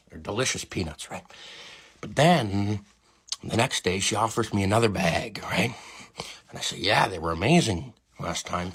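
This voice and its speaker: A man doing a Joker-style voice, telling a drawn-out joke in a husky, low drawl. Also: fairly bright tone, exaggerated voice. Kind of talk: comedic monologue.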